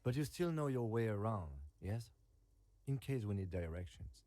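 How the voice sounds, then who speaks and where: An actor voicing a composed, reserved male police lieutenant in a detective game, calm and clipped. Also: lowish voice, normal speed, no room sound, lightly acted. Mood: dry.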